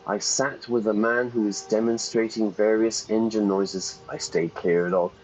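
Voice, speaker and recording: Low-voiced man reading a game aloud. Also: fairly even intonation, a little mellow, faint music behind, low-quality recording. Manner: playful, pauses to gloss vocabulary and self-correct. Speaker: English teacher streaming a game. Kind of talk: reading game text aloud and explaining words.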